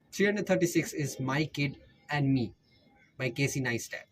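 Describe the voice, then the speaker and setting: A man's voice: mid-range voice, expressive, normal speed, slight background noise, low-quality recording. A man with an Indian accent, rambling jokily through casual recommendations as a YouTuber and often correcting himself. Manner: rambling, jokey, self-correcting.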